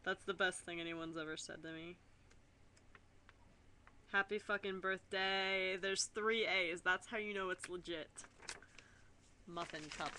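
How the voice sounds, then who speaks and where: A young woman talking casually to her webcam, excitable, giggly and swearing freely while she opens a package in her room. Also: lowish voice, measured pace, long pauses, slight background noise. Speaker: vlogger.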